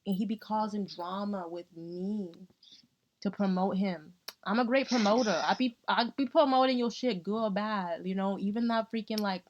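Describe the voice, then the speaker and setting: A squeaky, nasal woman rants and jokes through a casual chat, loud, profane and full of slang. Her voice sits in a middling pitch. Echo added on purpose trails after her words. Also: normal speed, dull audio.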